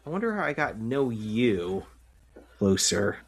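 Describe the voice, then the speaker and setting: A man's voice: lowish voice, very animated, unhurried, a little hiss or hum. A male podcast co-host recapping a sitcom episode in loose, casual chat. He rambles a little and leans on fillers as he walks through each scene.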